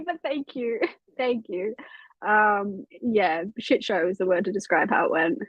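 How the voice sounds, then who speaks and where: A woman's voice: medium pitch, animated, a little slow, a bit bright, slightly rough, no echo, lo-fi sound. A young woman hosting a casual reading livestream from home, chatting loosely, swearing freely and reading out chat comments. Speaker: livestream host of a reading sprint.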